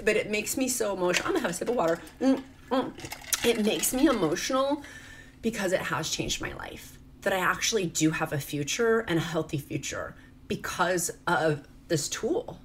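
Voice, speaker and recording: In this emotional personal vlog, a middle-aged woman from rural Virginia speaks at a moderate pace in a lowish, expressive voice, crying as she goes. She rambles confessionally with many "like"s, and a little hiss or hum sits in the audio.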